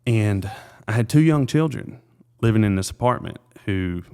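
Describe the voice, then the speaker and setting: A man in his thirties, a realtor being interviewed, telling a personal story in an earnest, halting way with many fillers and restarts. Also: lowish voice, animated, mellow, clean tone. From South Carolina.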